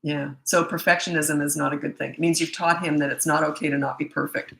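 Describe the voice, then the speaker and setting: A woman's voice: deep voice, little pitch movement, quick pace, vocal fry, fairly bright tone. A middle-aged woman, a parenting coach, bluntly and emphatically answering viewer questions in a live Q&A session. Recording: echoey room.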